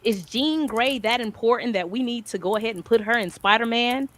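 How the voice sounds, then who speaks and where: A woman's voice: a little high, brisk, fairly bright tone. A young adult woman co-hosting a casual entertainment news chat, opinionated and emphatic. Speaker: podcast co-host.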